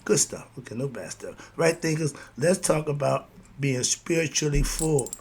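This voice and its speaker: A man's voice: fairly high pitch, lively intonation, normal speed, a little mellow, a little hiss or hum. A man giving a motivational monologue about spiritual life, speaking in in a preachy, rhythmic way and repeating his catchphrases. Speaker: host.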